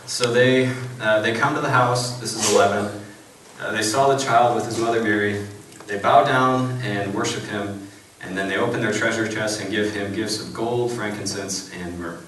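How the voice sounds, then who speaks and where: A man, a church minister, preaching a casual, animated sermon, often asking "right?" to his congregation. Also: fairly low pitch, slight background noise. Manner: animated and informal, peppered with "right?". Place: church sanctuary. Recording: roomy church hall from far off.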